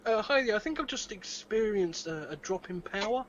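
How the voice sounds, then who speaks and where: A man's voice: high voice, lively intonation, normal speed, a bit bright, a little hiss or hum. A man playing a tabletop game over a video call, cheerful and giggly, narrating his character's actions. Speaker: player. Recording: dull lo-fi video-call audio.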